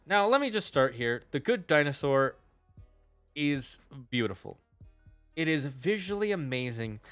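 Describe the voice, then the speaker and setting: A young man gives casual tier-list commentary on his stream, opinionated and quick to curse when something bugs him. His voice is bright and forceful. The sound is dry and close, with faint music underneath. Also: on the high side, no echo. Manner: opinionated, swears while ranting.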